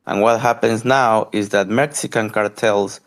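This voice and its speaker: A man's voice: fairly low pitch, steady tone, a little slow. A man from Ecuador in a voice-chat debate who talks hesitantly with many fillers. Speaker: caller in voice chat.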